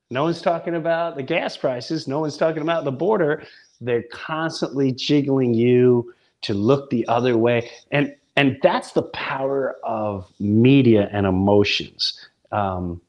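A man in his fifties, a comedian chatting on a podcast, animated and acting out voices with loud outbursts. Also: medium pitch. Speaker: guest comedian. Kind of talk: casual podcast chat.

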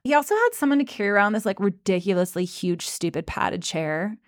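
A woman co-hosting a podcast in casual chat, telling a story with casual swearing and animated quoting. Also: mid-range voice, fairly quick, no echo, studio quality. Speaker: podcast co-host.

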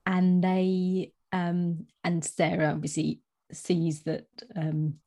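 Woman with a low voice, chatting about books. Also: completely flat delivery, slow, warm tone. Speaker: podcast co-host. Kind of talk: casual book chat.

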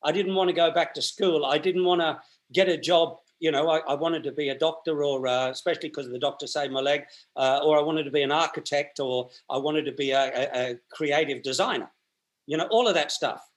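Rambling man, higher-pitched voice. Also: a little fast. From Australia. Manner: rambling, restarts and repeats words, colloquial. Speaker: guest. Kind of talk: storytelling in a conversational interview.

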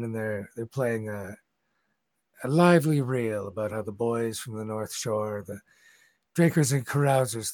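A man's voice: medium pitch, darkish tone, no room sound. A man narrating a tabletop game as game master, rambling and conversational.

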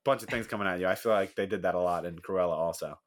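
A man with a somewhat low voice talks about a film in an easy, chatty way. He hedges his opinions and fills his sentences with fillers. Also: fast talker. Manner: chatty, hedging, with frequent fillers. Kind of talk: casual movie review chat.

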